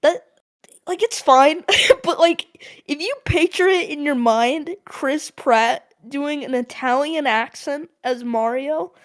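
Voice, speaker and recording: A woman's voice: sits high, slow pace. A young woman co-hosting a podcast, ranting in a casual chat full of fillers and laughs. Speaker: podcast co-host.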